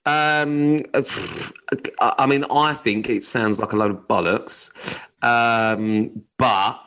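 A man's voice: mid-range voice, steady tone, slow, sharp tone, smooth, rough recording. A man co-hosting a casual podcast, swearing and joking as he reads out odd news stories. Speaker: podcast co-host.

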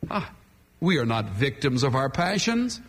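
A man's voice: medium pitch, very animated, a little slow, husky. A man preaching a sermon from the pulpit, emphatic and dramatic, leaning hard on key words. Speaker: pastor. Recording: long hall reverb.

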